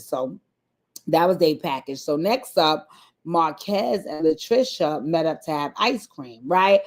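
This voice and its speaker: A woman with a somewhat low-pitched voice talks straight to her viewers as she recaps a reality show episode. She is chatty and animated and swears freely. She slips into the voices of the people she quotes. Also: measured pace.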